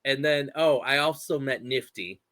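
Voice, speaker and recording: A man hosting a casual interview, animated and jokey. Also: medium pitch, moderate pace, no room sound. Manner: animated, jokey, laughs often. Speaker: host.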